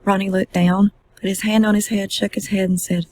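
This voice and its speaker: A woman tells a true-crime story chapter by chapter in a plain narrating style. Her voice is husky and sits at a middle pitch. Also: level tone, fairly quick, a little mellow, no room sound, low-quality recording. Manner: plain storytelling, acting out quotes. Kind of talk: book synopsis narration.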